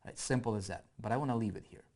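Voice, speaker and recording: A man's voice: fairly low pitch, racing, dark tone. A man teaching online marketing in a casual screen-share walkthrough, thinking aloud and often checking in with "right?".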